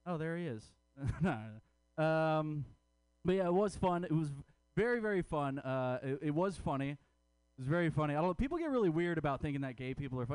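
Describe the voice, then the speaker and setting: A man doing a raunchy stand-up comedy set at an open mic, his delivery animated and self-mocking. His voice sits a little high and swings widely in pitch. The sound is close and dry. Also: smooth, dry recording.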